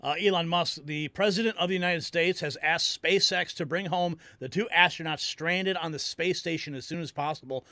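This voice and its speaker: A male host delivering excitable political news commentary, reacting to clips. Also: fairly high pitch, a little fast, no echo, studio quality.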